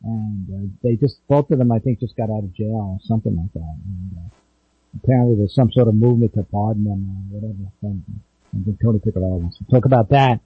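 A man's voice: lowish voice, brisk, husky, no room sound, phone-quality sound, soft background music. A man hosting a talk radio show, rambling in a folksy way with many fillers and restarts.

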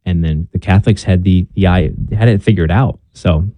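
A young man telling his conversion story in a casual conversation, earnest and halting, with many restarts and fillers. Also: sits low, mellow, no room sound. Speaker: guest. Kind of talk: casual conversation about faith.

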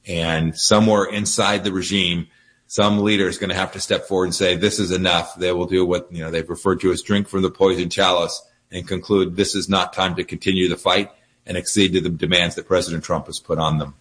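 A man giving firm, measured political commentary as a guest, often repeating words as he starts a sentence. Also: low-pitched, little pitch movement, a bit bright. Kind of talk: political interview by phone or video link.

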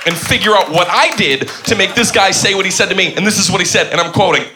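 A man doing a stand-up comedy set, telling a story in an excitable, playful way. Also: high voice, fast talker. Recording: live club, crowd and room noise. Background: audience laughing.

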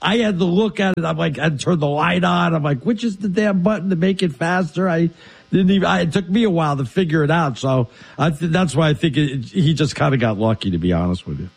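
A man co-hosting a sports talk show, telling his stories in an excitable, animated way. His voice sits a little high for a man. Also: quick pace, vocal fry, husky. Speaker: co-host. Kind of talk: casual sports radio chat.

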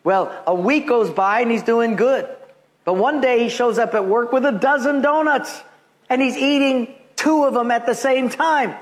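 A man preaching as a pastor, telling animated personal stories and acting out the voices of the people in them, laughing often. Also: extremely high pitch, moderate pace. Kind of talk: sermon with storytelling.

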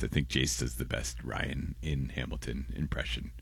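Deep-voiced young radio host. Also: male voice, huge pitch swings, vocal fry, breathy edge. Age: young adult. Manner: quick, loose, reading listener texts aloud with frequent laughs. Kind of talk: call-in talk radio banter. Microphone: close studio microphone.

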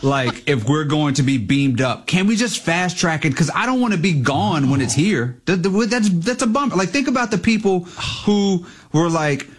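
A male co-host rambles loosely in casual radio banter, padding his talk with fillers. His voice sits a little higher than most men's. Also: expressive, moderate pace, few pauses, breathy edge. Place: radio studio.

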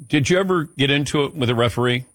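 A man's voice: medium pitch, quick pace, a bit bright. A man hosting a casual chat, asking needling, joking questions. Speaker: host.

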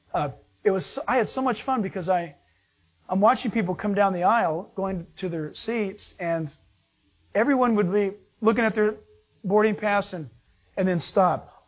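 A man preaching a conversational sermon, telling stories in a chatty way with frequent restarts. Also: high voice. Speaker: pastor.

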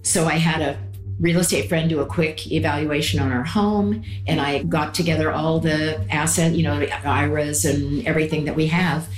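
A woman's voice: deep voice, steady tone, moderate pace. An older woman interviewed as a mother, earnestly explaining what she did and why. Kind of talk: personal recollection. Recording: roomy sound with music underneath.

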